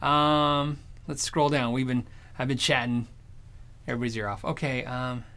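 A man chatting casually on his stream, telling rambling anecdotes in an animated way. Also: medium pitch, moderate pace. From Arizona. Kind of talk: casual storytelling chat.

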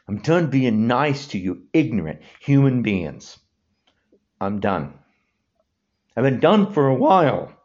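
A man in his sixties giving an angry, insulting rant, repeating himself. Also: medium pitch. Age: 60s. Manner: furious, insulting, repetitive. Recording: dull lo-fi recording.

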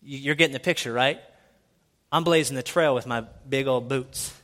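A pastor preaching a sermon in a church, swinging from hushed, intimate lines to loud, excited shouting. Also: male voice, mid-range voice, moderate pace, long reverb tail. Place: church sanctuary.

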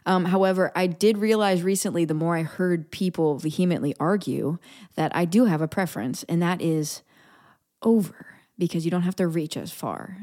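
Low-voiced woman chatting playfully. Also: normal speed, warm tone. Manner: playful, laughs often, drops into whispers for asides. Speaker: podcast host. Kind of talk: casual solo podcast chat.

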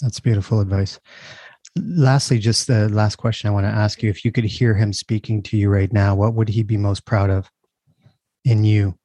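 A man hosting a podcast, asking gentle, halting questions. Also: on the low side, fairly even intonation, no echo. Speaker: podcast host. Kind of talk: podcast interview.

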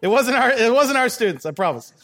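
A middle-aged male pastor preaches in a lively, joking way, breaking into quick voices for the people in his stories. His voice sits high for a man and swings widely up and down. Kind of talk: sermon with stories.

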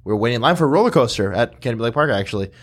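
A man's voice: mid-range voice, expressive, rapid-fire. A man co-hosting a podcast, chatting casually with wry, jokey asides. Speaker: podcast co-host. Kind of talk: casual chat.

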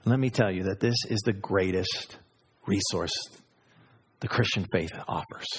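A man preaching a sermon, moving between loud, high exclamations and low, hushed asides. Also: unhurried, slight background noise. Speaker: pastor.

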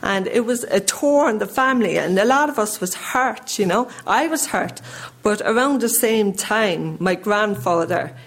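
A woman's voice: mid-range voice, expressive, unhurried. An Irish woman in her thirties giving a personal testimony in church, earnest and conversational, her voice a little shaky with emotion. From Ireland. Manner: earnest, conversational, with many restarts.

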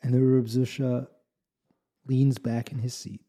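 A man's voice: mid-range voice, level tone, measured pace, dark tone, slightly rough. A man telling a folk tale in a casual, rambling way with asides and restarts. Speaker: storyteller. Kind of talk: casual spoken storytelling.

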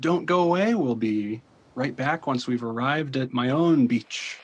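A man's voice: mid-range voice, measured pace, background noise, close to an everyday voice. A man voicing a cheerful, friendly radio host on a boat, talking with frequent restarts, in an improvised audio comedy. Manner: friendly, hesitant, lots of restarts.

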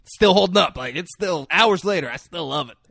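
A man's voice: high-pitched, a little fast, vocal fry, dry recording. A man in casual chat, animatedly retelling a film's scenes and swearing freely. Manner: animated, jumps into character voices, swears freely. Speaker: podcast co-host recapping a film.

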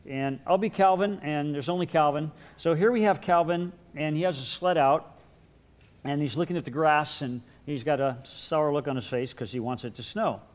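A man teaching a Bible class in a conversational lecture, with repeated words and light chuckles. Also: medium pitch.

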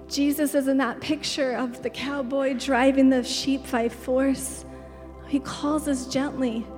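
A woman's voice: high voice, warm tone. A woman in her thirties preaching a sermon, chatty and storytelling, often laughing as she talks. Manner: chatty storytelling, laughs often, drops to a whisper in tender moments. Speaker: pastor. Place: large church hall. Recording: long hall reverb.

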